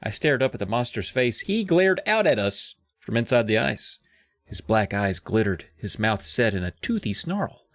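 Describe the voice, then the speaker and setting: Lively man reading aloud. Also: mid-range voice, moderate pace, dry recording, clean studio sound. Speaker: podcast co-host. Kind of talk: casual chat and reading aloud.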